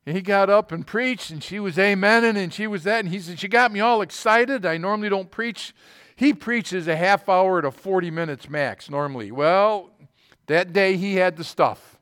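A man's voice: high-pitched, moderate pace, a bit bright, smooth. A man preaching a sermon, telling a story in a colloquial way with false starts, then rising into fervent scripture reading.

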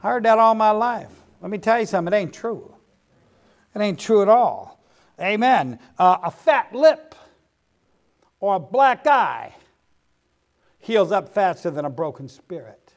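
A man's voice: sits high, lively intonation, measured pace, long pauses. A middle-aged man preaching a sermon in a folksy way, dropping frequent amens to the congregation. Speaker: pastor.

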